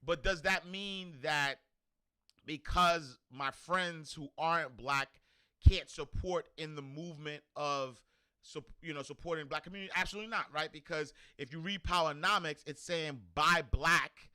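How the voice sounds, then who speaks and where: A man in his thirties hosts his show in a casual, meandering way. His voice is bright and clear, with plenty of fillers and self-corrections, and he keeps checking in with "right?". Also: a little high, moderate pace. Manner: rambling, many fillers and restarts; asks "right?" often. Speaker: host. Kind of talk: casual commentary.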